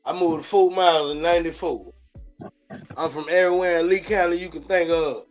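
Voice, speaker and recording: A man's voice: a little high, fairly even intonation, fairly quick, lo-fi sound, soft background music. A man from Memphis hosting a casual podcast, joking and laughing a lot and slipping into mock accents. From Memphis, USA.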